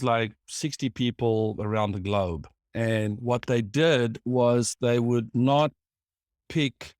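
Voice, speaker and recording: A man who has been a CTO, telling a story in a panel conversation, with halting restarts. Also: mid-range voice, no echo, studio quality. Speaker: former CTO. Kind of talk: conversational anecdote.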